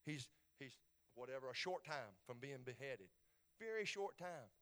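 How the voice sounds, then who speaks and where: A man preaching a sermon as a pastor in a nearly empty church, stammering through repeats as he swings between soft pleading and loud, fervent declarations. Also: medium pitch, lively intonation, moderate pace. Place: church sanctuary, mostly empty.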